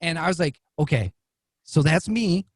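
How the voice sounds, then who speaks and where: Telling a casual story on a podcast where he's a guest, a man speaks at normal speed in a slightly rough voice with no echo. Quoted lines get acted out animatedly, his pitch jumping up.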